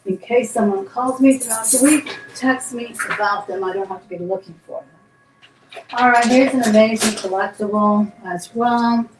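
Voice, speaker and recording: A woman with a fairly high voice hosts a live jewelry auction at a normal pace, chatting casually as she handles and describes each piece. She's in an indoor room with a roomy echo, background noise, and faint music behind her.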